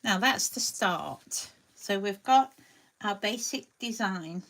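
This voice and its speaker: A woman's voice: medium pitch, expressive, slow pace, fairly bright tone. A woman hosting a live crafting tutorial, chatting along and greeting viewers by name as she paints. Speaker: crafting demonstrator.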